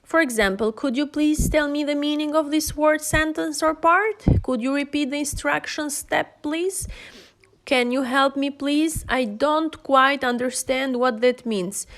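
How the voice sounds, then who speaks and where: A woman with an Albanian accent teaching an English lesson, reading out example phrases slowly and carefully, with frequent pauses and restarts. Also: sits high, fairly bright tone. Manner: slow, careful delivery with frequent hesitations and restarts.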